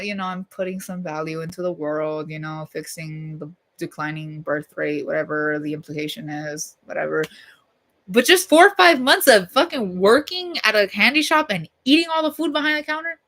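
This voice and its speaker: Young woman venting on her live stream, bright sharp voice, cussing and blunt, lots of likes and ums. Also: lowish voice, lively intonation, normal speed. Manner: heated, profane and blunt, with lots of fillers. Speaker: livestreamer. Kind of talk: casual storytime rant.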